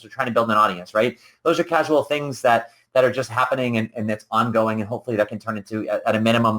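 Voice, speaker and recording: A man hosting a live coaching show, teaching in a casual, animated way and acting out conversations with clients. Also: on the low side. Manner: animated and conversational, acts out client dialogues, frequent "like" and "right?".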